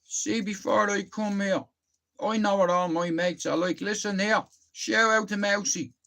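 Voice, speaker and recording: A man's voice: high-pitched, steady tone, measured pace, vocal fry, sharp tone. A middle-aged man with a Northern Irish accent ranting on his live stream, rambling, heated and swearing often into a phone. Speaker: livestreamer.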